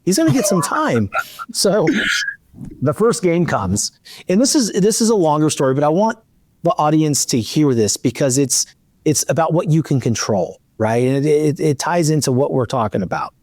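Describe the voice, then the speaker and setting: A man's voice: fairly high pitch, normal speed, no room sound. A middle-aged man hosting a podcast, telling a long story in a casual chat and acting out the dialogue. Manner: animated, acts out dialogue in his storytelling. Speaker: podcast host.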